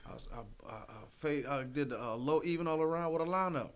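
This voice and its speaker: A man's voice: on the high side, fast talker, smooth. A man, a guest comedian, telling stories in casual chat and acting out other people's lines. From Detroit. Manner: animated, acts out quotes in raised voice. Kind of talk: casual storytelling.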